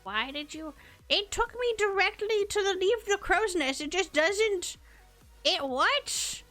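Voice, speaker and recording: A woman's voice: very high voice, animated, slow pace, a bit bright. Woman through a granny voice changer. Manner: exasperated, swearing, laughing. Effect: old-woman voice changer. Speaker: streamer and game developer. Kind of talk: casual live-stream chat while coding. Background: faint background music.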